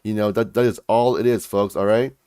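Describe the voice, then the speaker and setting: A man's voice: lowish voice, steady tone, a little fast, dark tone, clear, resonant tone, no echo, studio quality. A man hosting a livestream, giving hyped market commentary in a pumped, repetitive way, with constant check-ins to his viewers. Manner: pumped, repetitive, keeps saying "folks, all right?". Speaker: livestream host.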